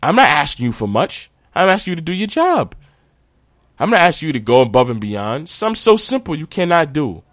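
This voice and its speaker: A man hosting a podcast, ranting in a casual, animated, slangy way. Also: fairly high pitch, brisk, dry recording, clean studio sound. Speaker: podcast host.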